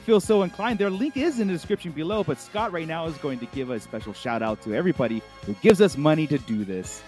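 A man's voice: a little high, animated, quick pace, a little mellow, soft background music. A man hosting a live podcast in casual chat, rambling loosely and laughing often. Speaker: podcast co-host.

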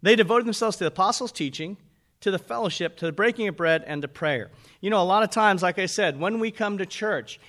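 A man preaches a sermon in a fairly high voice. He talks to his listeners in a conversational way and keeps asking them rhetorical questions. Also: fairly bright tone. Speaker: pastor.

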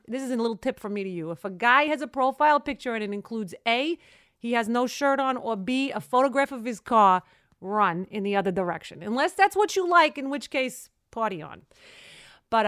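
A woman's voice: fairly high pitch, a bit bright, smooth. A middle-aged woman from Brooklyn with a New York accent, co-hosting a podcast and chatting wryly about dating. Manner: chatty and wry, telling dating stories. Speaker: podcast co-host. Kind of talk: casual chat.

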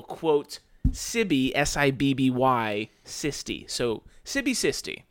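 A man's voice: mid-range voice, sing-song, takes it slowly, fairly bright tone, smooth. A man co-hosting a podcast, joking in casual chat and laughing often. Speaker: podcast co-host.

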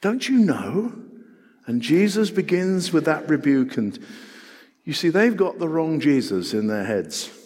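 Middle-aged preacher, earnest sermon delivery with rhetorical questions, long reverb of a hall. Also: male voice, a little high, very animated, measured pace. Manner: earnest, rhetorical questions, shifting between loud and hushed.

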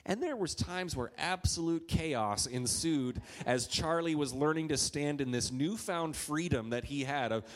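A man's voice: a little high, measured pace, hardly any pauses. A man in his thirties from Minnesota, a pastor preaching a sermon in a chatty, storytelling way with playful asides.

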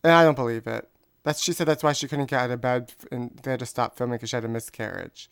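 A man's voice: medium pitch, fast talker, vocal fry, fairly bright tone, clear, resonant tone, no room sound, studio quality. A man co-hosting a comedy show, chatting in a sassy, gossipy way. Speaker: co-host. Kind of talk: casual comedy chat.

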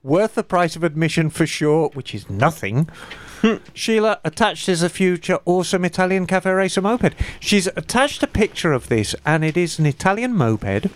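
A woman co-hosting a casual podcast, reading out a listener email with animated, emphatic asides. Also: lowish voice, normal speed, hardly any pauses. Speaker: podcast co-host.

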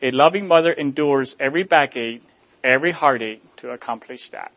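Male preacher, mid-pitched voice, measured rhetorical delivery, slightly dull recording. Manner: measured, rhetorical, drops soft at line ends. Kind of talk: sermon.

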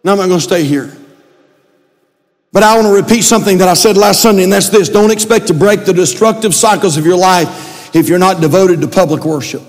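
A male pastor preaching a sermon, building to shouted emphasis. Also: sits high, brisk. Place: church sanctuary. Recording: long hall reverb.

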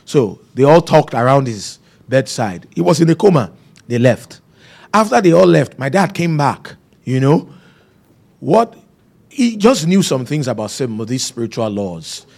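Male preacher, rough husky voice, emphatic storyteller. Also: medium pitch, very animated, measured pace, a little mellow. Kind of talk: sermon.

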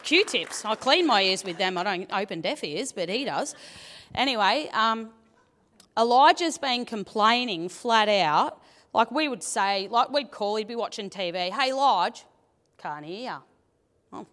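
A woman sharing a testimony at church, chatty and animated, laughing often, speaking into a handheld microphone in a large auditorium. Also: medium pitch, measured pace. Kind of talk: testimony from the stage. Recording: long church hall reverb.

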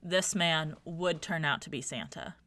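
A woman's voice: low voice, unhurried, sharp tone, slight background noise. A woman giving wry, opinionated commentary in a casual podcast discussion about a book.

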